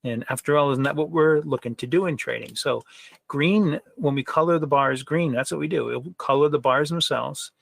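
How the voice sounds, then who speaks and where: Guy with a gravelly voice doing a casual trading webinar, lots of um and uh, asks the audience questions. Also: on the high side, moderate pace, a bit bright, no room sound. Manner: conversational, frequent fillers and rhetorical questions. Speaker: trading software presenter. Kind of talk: webinar presentation.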